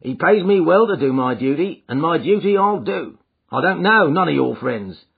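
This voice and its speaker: A man doing a gruff old prizefighter porter. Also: fairly high pitch, lively intonation, normal speed, pitched above the performer's own voice, full character voice. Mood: unyielding. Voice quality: gruff, gravelly, rustic speech. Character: gruff stubborn middle-aged prizefighter porter, McMurdo. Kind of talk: audiobook character voice. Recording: thin phone-like audio.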